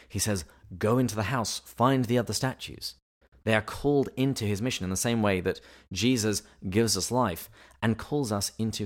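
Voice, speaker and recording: Deep-voiced man explaining at length. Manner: measured, explanatory, lecturing. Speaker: podcast co-host. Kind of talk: podcast discussion of literature and theology.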